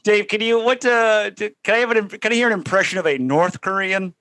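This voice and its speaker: A male co-host on a comedy talk show, playing up his exasperation with sarcastic asides. His voice sits a little high for a man. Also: a little fast, bright, forceful tone. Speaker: podcast co-host. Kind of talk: comedic casual chat.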